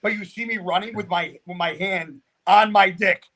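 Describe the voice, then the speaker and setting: A man telling a story on a podcast, animated and rambling, with lots of swearing. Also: high-pitched, normal speed. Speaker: podcast guest. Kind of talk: casual storytelling.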